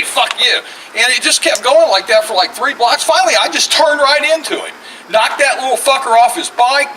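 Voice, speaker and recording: A man's voice: very high-pitched, pushed and bright. A retired man doing a profane, self-mocking stand-up comedy set. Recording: distant mic, faint noise.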